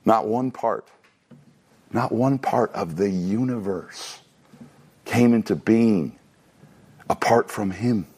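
A man preaching an expository sermon in an emphatic teaching manner, rushing through asides and slowing down to stress key phrases, often repeating himself for emphasis. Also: fairly low pitch, darkish tone, breathy edge. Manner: emphatic, shifting between quick asides and slow stressed phrases. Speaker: pastor.

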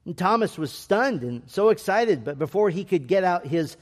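A man reading a family story aloud in a gentle, measured storytelling manner, voicing the characters' lines himself. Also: high voice, lively intonation, in a large hall. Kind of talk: storybook narration.

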